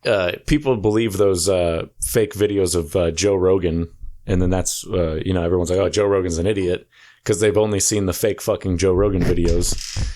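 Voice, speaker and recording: A man's voice: low voice, steady tone, normal speed, warm tone. A young man co-hosting a podcast, chatting loosely with lots of swearing and joking asides. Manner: loose, profane, jokey with bursts of silly impressions. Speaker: podcast co-host. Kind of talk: casual chat.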